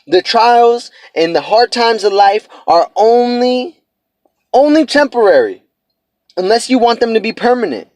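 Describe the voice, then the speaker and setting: A man's voice: very high-pitched, big pitch swings, unhurried, darkish tone, no room sound. A man in his twenties giving a blunt, profane, heartfelt motivational vlog talk, casual street slang throughout. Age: 20s. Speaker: vlogger.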